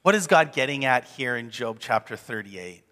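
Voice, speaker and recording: A male pastor preaching a sermon in an animated, conversational way. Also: mid-range voice, normal speed, long reverb tail. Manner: animated, conversational, acts out quotes.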